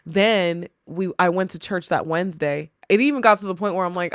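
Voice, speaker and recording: A woman's voice: fairly low pitch, normal speed, hardly any pauses, clean tone, no room sound, clean studio sound. A woman on a podcast, speaking candidly and reflectively about personal struggles, often voicing her own past thoughts. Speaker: podcast guest, co-host wife. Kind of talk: candid conversational storytelling.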